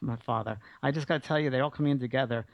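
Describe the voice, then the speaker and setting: Male radio medium, gravelly and warm, coaxing a caller through a reading; dull lo-fi broadcast sound. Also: medium pitch, steady tone, quick pace, dry recording. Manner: warm, reassuring, relays messages from spirits. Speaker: psychic medium radio host. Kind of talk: call-in reading.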